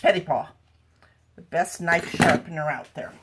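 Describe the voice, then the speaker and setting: A woman's voice: lowish voice, normal speed, noisy background. A woman chatting wryly to camera in her home kitchen while she cooks, with jokey asides. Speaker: home cooking vlogger. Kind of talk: casual cooking demo chat.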